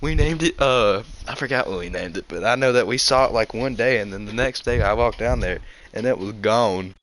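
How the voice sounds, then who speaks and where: A young man, casually telling hunting stories with frequent laughs and restarts. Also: on the low side. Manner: animated, laughs often, quick restarts. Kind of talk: casual storytelling.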